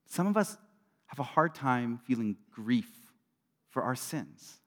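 A middle-aged man preaching a sermon as a pastor, talking earnestly and conversationally, swinging between loud bursts and quiet drops. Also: medium pitch, expressive, takes it slowly. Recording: long reverb of a large hall.

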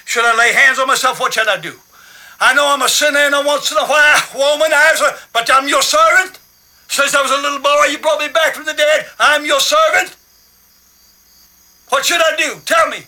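An actor playing a middle-aged preacher who pleads and shouts in prayer, in a film clip. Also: male voice, very high-pitched, fairly even intonation, moderate pace, full character voice, low-quality recording. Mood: anguished. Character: anguished preacher man shouting at God. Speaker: film character.

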